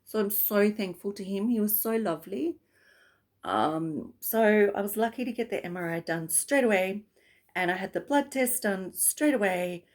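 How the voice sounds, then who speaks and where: A woman's voice: mid-range voice, moderate pace. A woman vlogger talking casually to camera, rambling and chatty, breaking into laughs often.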